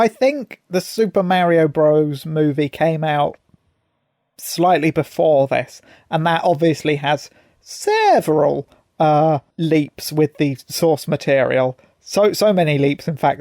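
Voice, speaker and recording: A man's voice: on the high side, vocal fry, darkish tone, no room sound, studio quality. A man co-hosting a podcast, chatting casually and sarcastically, swearing as he goes. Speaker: podcast co-host. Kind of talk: casual chat.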